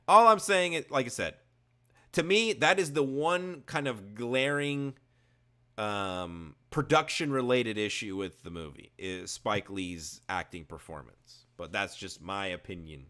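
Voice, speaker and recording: Male podcast co-host, animated and opinionated, with a wry edge. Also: on the low side, a little slow. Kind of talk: casual movie review chat.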